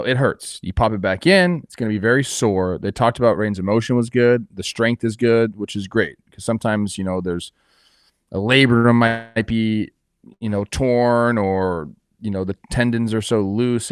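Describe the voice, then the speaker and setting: Low-voiced male co-host, relaxed analysis. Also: moderate pace, dry recording, studio quality. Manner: relaxed, hedging with fillers. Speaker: co-host, former player. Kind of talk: casual sports analysis.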